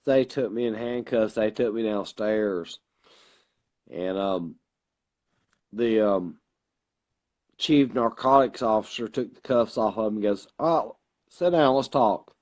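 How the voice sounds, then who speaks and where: A man's voice: fairly low pitch, slow, long pauses, a little mellow. A drunk man co-hosting a podcast, rambling through a profane story in casual talk. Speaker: podcast co-host. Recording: dull lo-fi recording.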